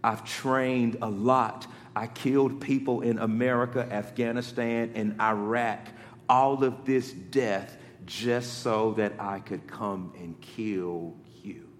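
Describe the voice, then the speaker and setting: A man voicing a vengeful young man who craves revenge, speaking slowly, low and menacing. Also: fairly even intonation, big-room sound.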